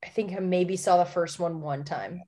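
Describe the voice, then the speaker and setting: A woman's voice: fairly low pitch, normal speed, mellow. A young woman co-hosting a podcast in casual chat, laughing often and restarting her sentences. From lives in the Canadian Maritimes. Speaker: podcast co-host.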